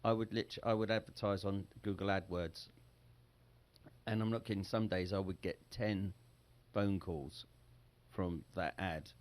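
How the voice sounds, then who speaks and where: Middle-aged English guest, somewhat low voice, loose storyteller who restarts his sentences. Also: fairly even intonation, measured pace. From England. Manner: rambling, self-correcting telling of a story. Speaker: guest, Sinatra tribute singer. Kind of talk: anecdotal interview storytelling.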